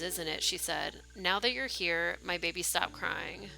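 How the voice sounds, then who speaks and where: Taking her time, a female streamer narrates a game's story text and reacts as she goes, with small voice changes for characters and offhand comments. She has a lowish, bright, forceful voice with vocal fry.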